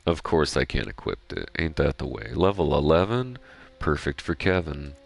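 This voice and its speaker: Very deep, gravelly man rambling. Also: very animated, normal speed. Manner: digressive, joking, profane. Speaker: gaming streamer. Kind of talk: rambling gameplay commentary.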